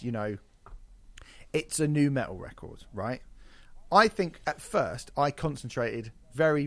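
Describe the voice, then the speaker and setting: A man co-hosting a podcast, talking in a casual, animated and mocking way with plenty of swearing. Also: medium pitch, dry recording. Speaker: podcast co-host.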